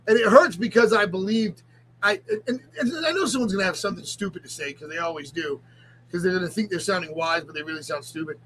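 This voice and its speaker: A middle-aged man talking in an emotional confessional vlog, close to tears, halting and often restarting his sentences. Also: high-pitched, a bit bright, slight background noise, low-quality recording. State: on the verge of tears. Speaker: ministry leader and vlogger.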